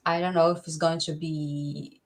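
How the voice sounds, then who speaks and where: A woman's voice: low voice, little pitch movement, moderate pace. A woman co-hosting a casual review chat, hesitant with small laughs. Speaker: podcast co-host.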